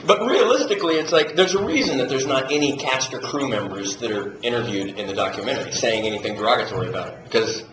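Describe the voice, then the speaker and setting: A man's voice: medium pitch, fast talker, hardly any pauses. A man telling stories at a fan Q&A, swearing freely and laughing as he imitates people. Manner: profane, animated, laughing through impressions. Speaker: actor answering audience questions. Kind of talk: casual convention Q&A storytelling. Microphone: handheld camcorder from the audience. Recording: echoey room on a camcorder, ambient noise.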